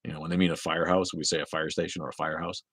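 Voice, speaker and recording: Low-voiced, rambling New England man. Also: little pitch movement, rapid-fire, a bit bright, husky, no echo, clean studio sound. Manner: rambling and chatty, with stammered restarts. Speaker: livestream host. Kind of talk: casual livestream chat answering viewer comments.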